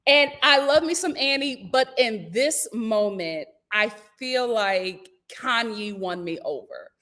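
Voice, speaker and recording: A young woman hosting a casual reality-TV recap, animated and laughing often as she acts out what people said. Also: a little high, slow pace. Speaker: YouTube host reviewing a reality show.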